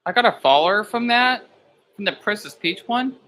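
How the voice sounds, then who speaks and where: A man's voice: sits high, expressive, normal speed, pushed and bright, slight background noise. A young man streaming from bed late at night, chatting casually and rambling as he checks his videos, often cutting himself off mid-thought. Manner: rambling, self-interrupting, talks to himself. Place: in bed at home.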